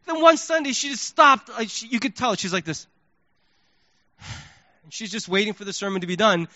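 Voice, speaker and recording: A male pastor preaching a sermon, telling a story in an animated way and acting out his own reactions. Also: sits high, moderate pace, no echo, lo-fi sound.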